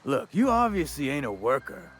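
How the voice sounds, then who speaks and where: An actor playing a chatty, wry frontier gravedigger in a video game, talking in a folksy drawl with old-timey wording. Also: male voice, fairly high pitch, very animated, normal speed, slight background noise. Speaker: game character.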